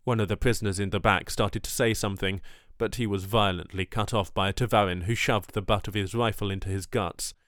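A man reading a first-person story in measured audiobook narration, close to the mic. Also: on the low side, fairly even intonation, fairly bright tone, no room sound.

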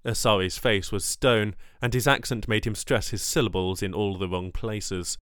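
A man reading a first-person story in measured audiobook narration, close to the mic. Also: on the low side, steady tone, fairly bright tone, clean tone, no echo.

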